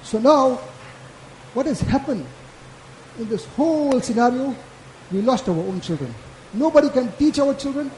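With frequent pauses and a normal speaking speed, a maulana from South Africa gives his Friday lecture in a mellow, very high, animated voice. He keeps things casual while hammering home every point through repetition. There's a slight hiss or hum over the echoey, mosque-hall sound.

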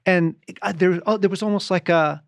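A man's voice: high voice, moderate pace, gravelly, no echo, clean studio sound. A man co-hosting a casual conversation, chatty and encouraging. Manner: encouraging, chatty, laughs easily. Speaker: podcast co-host.

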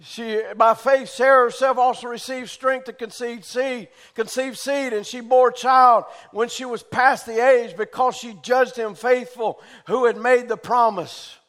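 A man preaching a fervent sermon, his voice sitting unusually high for a man. He often pushes into shouting as he preaches. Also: fairly even intonation, unhurried, few pauses.

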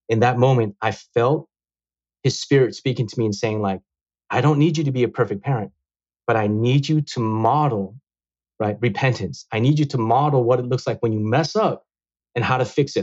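A man's voice: medium pitch, darkish tone, lo-fi sound. A man in his thirties, a guest speaking in an earnest, reflective way with many fillers in casual interview talk.

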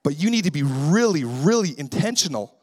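A male pastor delivers a sermon in a relaxed, conversational tone, his voice pitched a little higher than most men's. He weaves in family stories about his daughters and briefly acts out his own words to them. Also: brisk, slightly rough. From Canada. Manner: lively, acts out his own voice when quoting himself.

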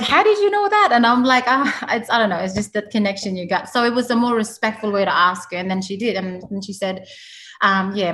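A woman from Halls Creek in Western Australia, talking through her experiences as an interview guest in a loose, storytelling way full of "you know". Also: medium pitch. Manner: yarning, warm-hearted, frequent fillers like "you know". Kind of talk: conversational storytelling.

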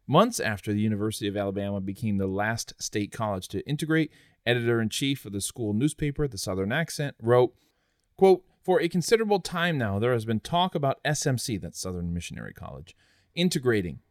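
A man's voice: on the low side, very animated, a little fast, no room sound, studio quality. A man hosting a history podcast, narrating in an earnest, conversational way with chatty asides. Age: adult, after college. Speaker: podcast host.

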